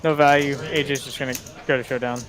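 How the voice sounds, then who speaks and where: A man's voice: medium pitch, steady tone, quick pace, crowd noise. A man doing live poker commentary, chatty and joking as he calls the hands.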